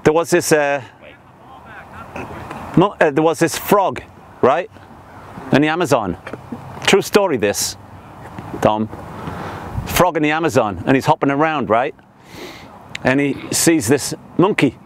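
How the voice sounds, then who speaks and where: Upbeat male coach running drills outdoors, high voice, light ambient noise behind. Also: a little slow, pauses often. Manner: loud energetic commands and counting. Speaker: soccer coach. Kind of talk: coaching a youth practice on the field. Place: outdoor soccer field.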